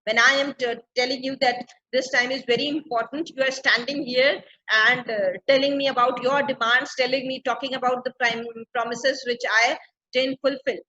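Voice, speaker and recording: Her voice sits high with little pitch movement and a sharp tone, at a moderate pace. This English literature teacher reads the play's old verse line by line and restates each plainly; the recording is dull and lo-fi.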